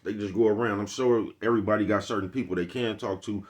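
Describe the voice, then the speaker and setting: Low-voiced man preaching casually. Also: steady tone, darkish tone. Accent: African American Vernacular English. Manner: loose, preachy, slangy, drawn-out asides. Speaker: vlogger. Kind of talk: casual street monologue.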